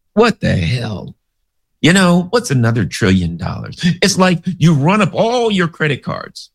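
A man giving casual political commentary, rambling through sarcastic anecdotes. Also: a little high.

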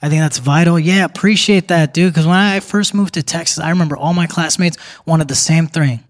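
High-voiced young comedian on stage. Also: male voice. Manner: quick, chatty, breaks into put-on voices for quotes. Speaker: stand-up comedian. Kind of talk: stand-up set. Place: theater stage before a live audience. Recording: live theater with crowd noise.

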